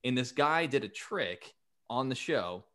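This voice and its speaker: A man hosting a podcast, chatting casually and excitably, and swearing freely. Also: mid-range voice, unhurried. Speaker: podcast host. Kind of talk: casual chat.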